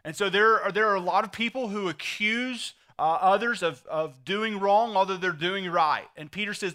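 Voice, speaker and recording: A man's voice: high-pitched, moderate pace, hardly any pauses, bright, forceful tone. A middle-aged man preaching a sermon, telling folksy stories and pressing his points with emphasis. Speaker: pastor.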